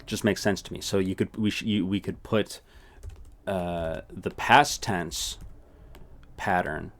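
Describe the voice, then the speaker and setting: A man teaching a casual language lesson who repeats words slowly for practice and keeps checking in with "right?". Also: deep voice, fairly even intonation, fairly bright tone.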